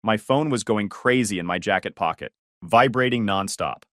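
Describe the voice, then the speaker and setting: A man narrating a first-person family drama story in a dramatic, expressive storytelling manner. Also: fairly low pitch, moderate pace, no echo, studio quality.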